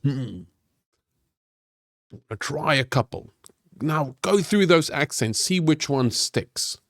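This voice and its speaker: A man's voice: fairly high pitch, expressive, slow, a bit bright, dry recording, studio quality. A man giving friendly, encouraging instructions for an improv exercise in a tips video. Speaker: game master and improv teacher.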